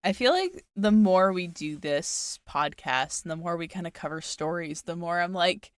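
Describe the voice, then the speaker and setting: A woman co-hosting a podcast in casual chat, animated and playful with frequent giggles. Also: on the low side, moderate pace, no echo, studio quality. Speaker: podcast co-host.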